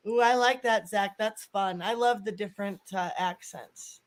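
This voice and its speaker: A woman's voice: mid-range voice, normal speed, rough recording. A woman from the Chicago area co-hosting a live stream panel, chatty, swearing and laughing often. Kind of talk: casual livestream chat.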